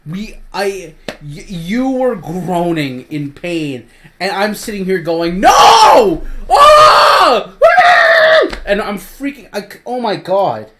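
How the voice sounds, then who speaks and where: A woman hosting a casual review chat, swearing often and exasperated, breaking into loud shouts. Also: on the low side, animated, slow, noisy background. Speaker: host.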